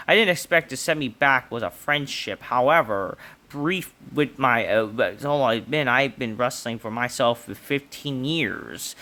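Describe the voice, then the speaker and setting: A young man rants his way through a review of a wrestling show, sounding casual and exasperated. His medium-pitched voice is bright and forceful, and he swears a lot and fills his sentences with fillers.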